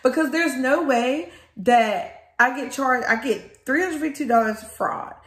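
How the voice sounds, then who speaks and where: A woman who runs a small business, from Louisiana, telling viewers a storytime in a casual, animated way and calling them guys and y'all. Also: high voice, measured pace. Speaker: small business owner vlogger. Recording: echoey room.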